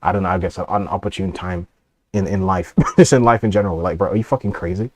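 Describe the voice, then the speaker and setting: A man's voice: low voice, steady tone, fast talker, a little mellow. A man streaming and reacting to a video, rambling and swearing with frequent laughs. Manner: rambling, profane, laughs often.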